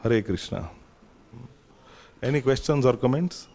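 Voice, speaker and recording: A man's voice: mid-range voice, animated, measured pace, a little mellow. A man giving a scripture class, retelling stories with frequent fillers and restarts. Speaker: class speaker at a temple. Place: temple hall. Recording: long hall reverb.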